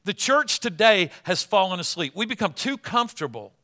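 Bright-voiced man preaching a sermon. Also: high voice, sing-song, moderate pace. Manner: conversational storytelling, then rising to emphatic preaching. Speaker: pastor.

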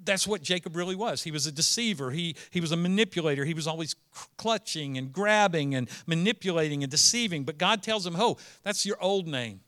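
A man preaching a sermon as pastor, moving between quiet storytelling and earnest, emphatic declarations. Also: on the high side, animated, a little fast, few pauses.

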